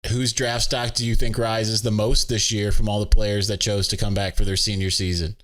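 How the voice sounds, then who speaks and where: A young man with a lowish voice chats casually through listener questions on his sports podcast. He sounds offhand and easygoing, and he is talking from home. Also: flat delivery, normal speed, fairly bright tone. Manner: chatty, offhand, laughs at himself. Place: at home with his dog on his lap.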